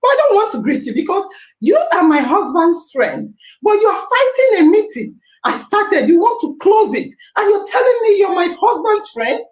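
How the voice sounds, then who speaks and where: Nigerian female host, high and very animated, laughing and exclaiming, pidgin mixed in, echoey room. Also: normal speed. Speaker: podcast host. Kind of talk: animated storytelling and live chat. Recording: roomy echo.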